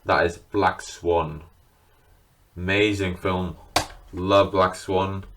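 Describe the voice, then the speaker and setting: A man's voice: low voice, fairly even intonation, extremely slow, fairly bright tone, slight background noise. A man chatting casually and enthusiastically to camera, swearing freely as he talks. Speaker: video creator showing his film collection. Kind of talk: casual unscripted chat to camera.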